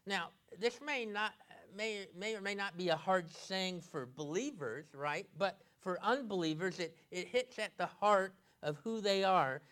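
A male pastor preaching an expository sermon, halting with many fillers and restarts. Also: high voice, fairly bright tone, smooth.

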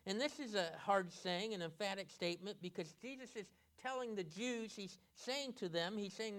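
A male pastor preaching an expository sermon, halting with many fillers and restarts. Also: high-pitched, fairly bright tone.

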